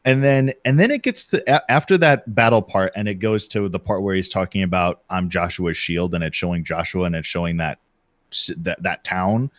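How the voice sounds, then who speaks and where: A man chatting on a podcast, retelling his reactions in an animated way and acting out what he thought. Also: low voice, moderate pace, no room sound. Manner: animated storytelling, acts out his own reactions. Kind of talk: casual podcast chat.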